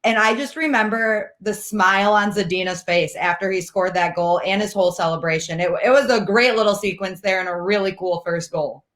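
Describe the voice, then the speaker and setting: A woman's voice: mid-range voice, fairly quick, hardly any pauses, fairly bright tone. A woman panelist recalling a goal and answering a quiz question in easygoing casual chat.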